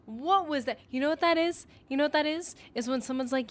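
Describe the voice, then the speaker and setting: A young woman livestreaming a game, talking casually in a rambling, animated way, filling her sentences with "like". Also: high-pitched, fairly quick, hardly any pauses, slight background noise. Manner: rambling, animated, heavy use of "like". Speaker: gaming streamer. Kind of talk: casual live-stream commentary.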